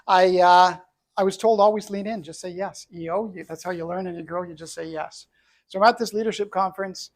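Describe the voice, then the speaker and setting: Telling his own story at a brisk pace, a middle-aged Canadian entrepreneur sounds earnest and reflective. His somewhat high voice is creaky and gravelly, and his intonation stays fairly even.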